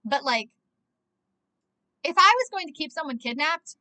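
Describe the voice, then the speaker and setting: A woman's voice: sits high, expressive, normal speed, sharp tone. A young woman rambling through a casual movie reaction, filling her talk with "like" and swearing freely. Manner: rambling, heavy use of "like", frequent swearing.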